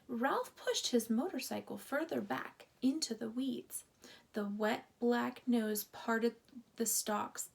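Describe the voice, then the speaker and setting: A woman reading a children's book aloud in a relaxed storytime manner, with playful asides to listeners. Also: on the high side, creaky, husky. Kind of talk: casual read-aloud storytime.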